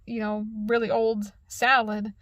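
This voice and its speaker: A young woman tells a long dream story in a loose, casual way. She swears freely and acts out the back-and-forth herself. Her voice sits fairly high and sounds close and dry, with no room around it. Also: unhurried, no echo. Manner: animated, profane, acts out dialogue.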